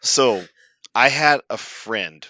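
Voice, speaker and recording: A man telling a story in casual podcast chat, laughing through the punchlines and getting more animated as it goes. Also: mid-range voice, slow pace, crowd noise. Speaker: podcast host.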